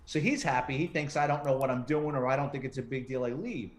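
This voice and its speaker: Animated storytelling man, roomy echo. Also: medium pitch, quick pace, few pauses. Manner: animated, acts out quoted voices. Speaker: retired police detective and author, interview guest. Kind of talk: casual storytelling interview.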